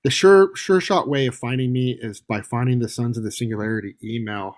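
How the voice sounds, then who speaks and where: Measured man as podcast guest. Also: medium pitch. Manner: measured, with many fillers. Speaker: game designer guest. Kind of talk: casual interview.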